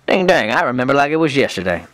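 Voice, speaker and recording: A man's voice: mid-range voice, very animated, fast talker, fairly bright tone. A man voicing a folksy villain. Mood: leering reminiscence. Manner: folksy, crude, exuberant storyteller. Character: lecherous rowdy male villain, Southern drawl. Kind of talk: cartoon comedy voice acting.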